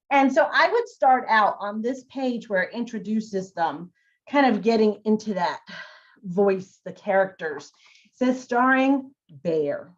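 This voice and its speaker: A woman teacher talks through read-aloud tips in a chatty, expressive way. Her fairly high voice swoops up and down, and the recording sounds dull and lo-fi. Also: moderate pace. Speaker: teacher and school librarian. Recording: dull lo-fi audio.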